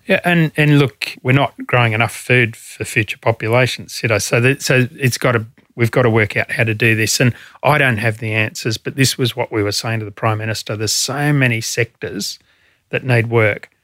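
A man's voice: medium pitch, steady tone, normal speed, fairly bright tone, no room sound, clean studio sound. A middle-aged Australian man, a former fire commissioner, answering interview questions earnestly and with emotion, using frequent fillers.

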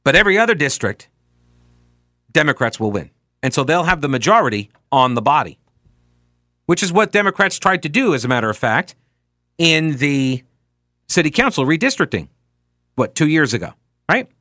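A man's voice: on the high side, big pitch swings, moderate pace, long pauses, sharp tone, dry recording, clean studio sound. A man hosting a political talk show, speaking casually and sarcastically while reading listener tweets aloud with frequent asides.

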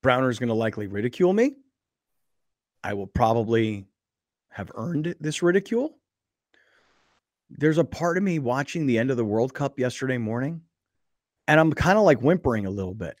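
A man's voice: mid-range voice, expressive, moderate pace, pauses often, no room sound. A man hosting a casual sports talk radio show in a studio, chatty and self-deprecating, telling stories with emphasis. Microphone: studio microphone.

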